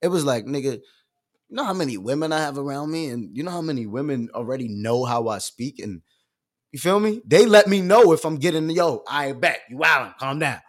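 A young man hosting a live stream, ranting with heavy slang and swinging from loud bursts to low asides. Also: animated, a little fast. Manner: profane, streetwise slang. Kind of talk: animated rant on a live stream.

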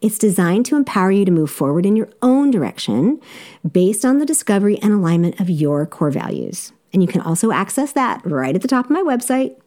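A woman's voice: mid-range voice, very animated, a little fast, mellow. A woman with a Southern accent, a life coach hosting a podcast, talking directly and encouragingly to her listeners with easy laughs. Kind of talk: solo podcast coaching talk.

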